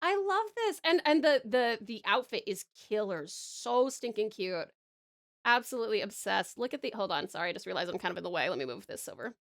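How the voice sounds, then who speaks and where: A woman's voice: mid-range voice, big pitch swings, a little fast, fairly bright tone. An Australian woman streaming live, chatting casually with viewers and gushing over their art, with lots of ums along the way. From Tasmania, Australia. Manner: bubbly, gushing, many ums. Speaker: streamer and artist.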